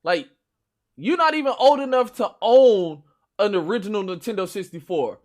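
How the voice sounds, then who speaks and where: A man with a Chicago accent, hosting a stream with loud, profane, boastful trash talk about games. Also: high-pitched, animated, moderate pace. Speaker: stream host. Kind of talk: casual gaming chat.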